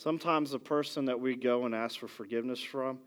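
A pastor giving a conversational sermon, a father who keeps asking "ready?" and moves between loud emphasis and quiet, soft asides. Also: mid-range voice, fairly even intonation, a little fast. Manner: conversational preaching with frequent "ready?" check-ins.

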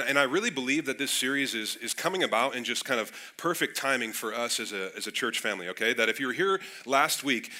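A man's voice: mid-range voice, sharp tone. A young adult man, a pastor, giving a casual sermon, slightly nasal and congested, often repeating words as he starts phrases. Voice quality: a little nasal. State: congested from a cold.

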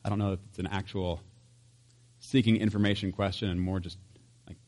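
A man's voice: low-pitched, level tone, a little fast, darkish tone. A man preaching a casual, conversational sermon, chatty with laughs and asides. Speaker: pastor.

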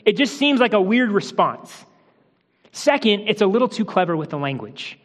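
High-voiced man preaching in a hall. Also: big pitch swings, moderate pace. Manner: explanatory teaching with restarts, softens for quoted lines. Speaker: pastor. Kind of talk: sermon.

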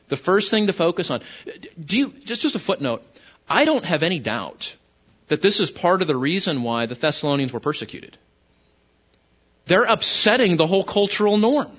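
A man's voice: high voice, sing-song, brisk, fairly bright tone, highs cut off. A man pastor preaching a conversational sermon, often restarting his phrases.

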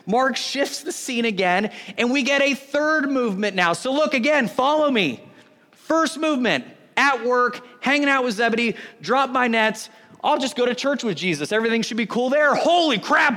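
A male pastor preaches with an animated, storytelling delivery, slipping into the voices of onlookers. His voice sits high for a man. The sound carries a long reverb, as in a church sanctuary. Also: normal speed. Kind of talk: sermon.

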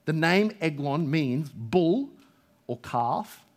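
A man preaching a sermon from the pulpit, with a slightly higher voice than most men. He talks in a loose, conversational way, full of asides, questions to the listeners and stammered restarts. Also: expressive, takes it slowly.

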